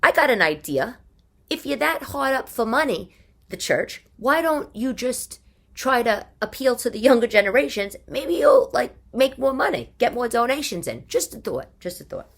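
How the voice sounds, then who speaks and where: A woman's voice: on the high side, lively intonation, moderate pace. A woman in her forties with a strong New York accent, hosting a casual monologue podcast in a chatty, exasperated, wisecracking way. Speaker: podcast host. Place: living room.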